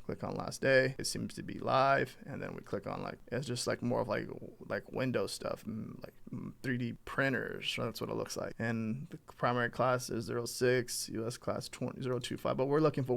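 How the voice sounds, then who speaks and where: A man's voice: medium pitch, gravelly. A man casually talking through a screen-share walkthrough, rambling and thinking aloud with lots of fillers. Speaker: print-on-demand vlogger.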